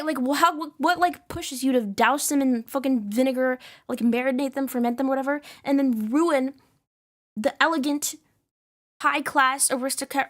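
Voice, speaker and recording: Young woman streamer, high voice, profane animated rant, casual chat. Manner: profane, animated ranting with frequent laughs.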